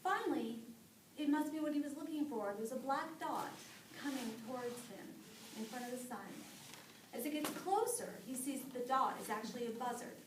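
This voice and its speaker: In an echoey room, a young storyteller with a high voice relates a folk tale to an audience at a moderate pace. The mic is distant and the background is noisy, while her telling stays casual, lively and full of fillers.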